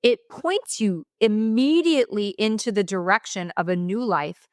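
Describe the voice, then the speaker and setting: A woman's voice: mid-range voice, moderate pace, darkish tone, dry recording, clean studio sound. A middle-aged woman, a mindset coach, speaking as a guest in a podcast interview in an emphatic, motivational way.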